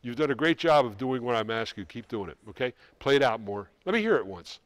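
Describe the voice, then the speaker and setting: A middle-aged man coaching a school band in rehearsal, brisk and joking, calling out counts and singing rhythms. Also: medium pitch, animated, dry recording. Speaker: band clinician.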